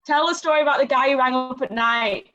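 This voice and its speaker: A woman's voice: high-pitched, fast talker, fairly bright tone, dry recording, highs cut off. A woman hosting a book club over a video call, eagerly prompting her guest. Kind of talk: casual chat on a video call.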